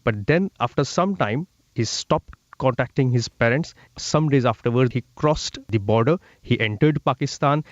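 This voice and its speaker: Correspondent, man, mid-pitched, steady explainer with fillers, dull dry line. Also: moderate pace, hardly any pauses, no room sound. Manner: explanatory, fillers between phrases. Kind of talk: news interview.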